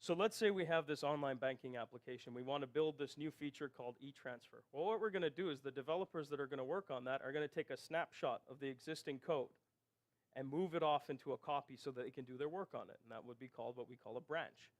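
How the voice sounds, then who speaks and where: A man's voice: medium pitch, quick pace. A man giving a technical conference presentation, explaining step by step and often checking in with the audience. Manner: explanatory, rhetorical "right?" checks. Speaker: conference speaker.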